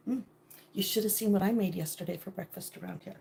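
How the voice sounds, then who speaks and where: A middle-aged woman chatting casually with viewers on a home livestream, laughing often and sometimes dropping to a hushed voice. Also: mid-range voice, fast talker, gravelly, breathy edge. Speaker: livestream host.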